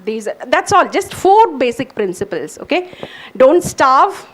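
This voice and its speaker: Animated woman lecturing students. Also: sits high, a little slow. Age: middle-aged. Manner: animated, earnest, addresses students directly. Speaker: English professor giving a talk. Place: lecture hall.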